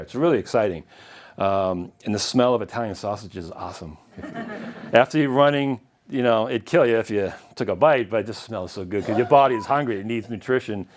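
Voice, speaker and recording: Chatty middle-aged man giving a lecture. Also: fairly low pitch. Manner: chatty and anecdotal, chuckling at his own stories. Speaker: lecturer and longtime marathon runner. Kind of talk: casual illustrated lecture.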